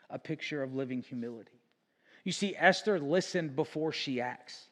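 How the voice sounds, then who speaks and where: A male pastor preaching a sermon in a casual storytelling way, often saying "like" and correcting himself. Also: fairly high pitch. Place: church sanctuary. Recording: long church hall reverb.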